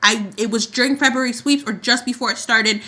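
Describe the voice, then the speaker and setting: A woman's voice: fairly high pitch, a little fast. A woman co-hosting a podcast, ranting in casual chat about a soap opera and acting out lines from the scenes. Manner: animated ranting with acted-out quotes. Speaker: podcast co-host.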